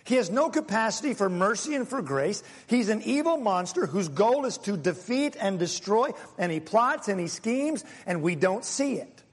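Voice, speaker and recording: A man preaching a sermon as pastor, animated, dropping into hushed asides. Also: sits high, normal speed, few pauses, husky. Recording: long reverb of a large hall.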